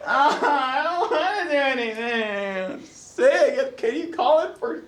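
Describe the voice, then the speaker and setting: A man playing a whiny, helpless sick young student who wails melodramatically, in a lively, higher voice. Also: takes it slowly, reverberant, recorded from a distance, crowd noise, heavily acted. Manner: wailing, melodramatic.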